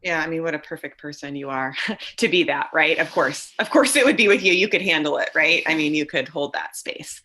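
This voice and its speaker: Woman host, really low voice but bright and forceful, encouraging the guest. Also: fairly quick. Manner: affirming, encouraging. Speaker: podcast host, coach. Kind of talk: conversational interview.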